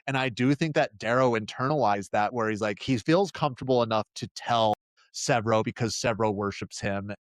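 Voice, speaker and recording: A podcast host chatting casually, lively and expressive. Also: medium pitch, moderate pace, dry recording, studio quality. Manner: lively, expressive, prone to sudden loud outbursts.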